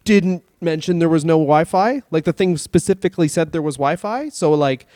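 A fairly high-voiced man from Canada trades rambling, swear-laden stories as a podcast co-host. The recording is dry, with no room sound. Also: moderate pace, a little mellow, dry recording. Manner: profane, rambling anecdotal storytelling. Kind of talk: casual comedic chat.

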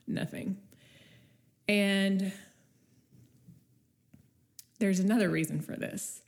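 A woman hosts her solo podcast, chatting unscripted and encouraging listeners while her nose is stuffy from a cold. Her voice sits a little low, with a gravelly fry. She talks at a slow, unhurried pace. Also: a little mellow. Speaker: podcast host. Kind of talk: casual solo podcast monologue.

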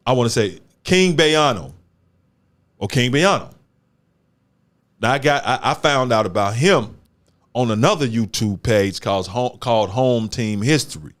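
A man's voice: mid-range voice, expressive, a little slow, long pauses, fairly bright tone. A man hosting a casual talk show, speaking emphatically in street slang and repeating words for stress. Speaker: show host. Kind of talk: casual chat.

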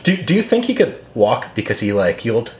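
A man's voice: mid-range voice, big pitch swings, brisk, a little mellow. A man who is a podcast guest, chatting casually and hesitantly with many fillers. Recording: roomy echo.

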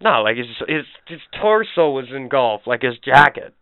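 A man's voice: medium pitch, very animated, normal speed, clean tone, no room sound, phone-quality sound. A man co-hosting a casual podcast, telling stories in crude, joking banter. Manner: profane, jokey storyteller. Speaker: podcast co-host.

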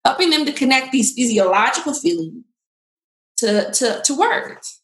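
A woman giving parenting and relationship advice in a casual chat, animated and acting out bits of dialogue. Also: high-pitched, normal speed, echoey room, poor audio. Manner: animated, acts out quoted dialogue.

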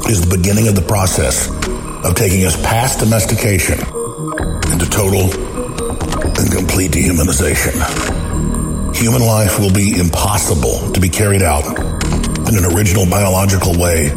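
A man's voice: low-pitched, vocal fry. A man delivering a grave, ominous promo narration. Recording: roomy voice over loud music.

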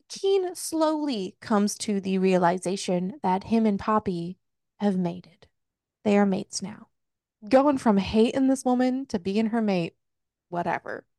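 A woman co-hosting a casual podcast, recapping a book in an exasperated, swearing, animated way and voicing the characters' lines. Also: mid-range voice, vocal fry, no echo, studio quality. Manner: swearing, exasperated, animated retelling with voiced quotes. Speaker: podcast co-host.

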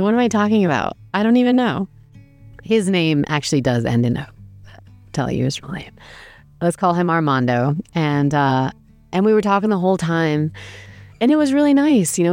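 A woman with a notably low voice tells a rambling travel story in a loose, chatty way. She fills her talk with "like" and "you know" and laughs at herself. Soft guitar music plays faintly behind her. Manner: chatty, self-deprecating, lots of fillers. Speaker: podcast host telling a travel story. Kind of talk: casual storytelling monologue.

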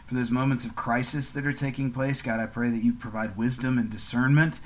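A man's voice: medium pitch, fairly even intonation, brisk. A man on a faith podcast who talks earnestly and then leads a spoken prayer, often repeating words. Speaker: podcast co-host. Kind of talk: casual chat and spoken prayer.

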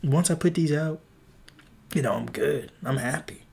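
A man's voice: on the high side, moderate pace, vocal fry, darkish tone, slightly rough. Rambling, profane young man podcast host. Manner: rambling, profane, restarts and acts out quotes. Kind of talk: casual storytelling monologue.

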